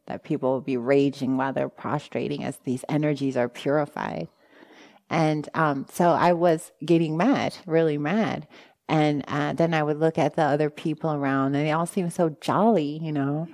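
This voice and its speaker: A woman meditation teacher giving a dharma talk, telling a personal story with lively asides to the listeners and acting out her own past thoughts. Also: low-pitched.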